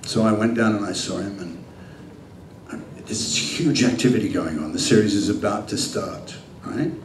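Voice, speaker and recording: An older man with a fairly low voice answers fan questions on a convention stage, telling lively anecdotes and acting out the dialogue. He laughs often as he goes. He sounds distant and roomy, as if picked up from across a big echoing hall, with a faint hum underneath. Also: moderate pace. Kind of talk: convention Q&A storytelling. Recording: echoey hall, heard from far off, faint hum.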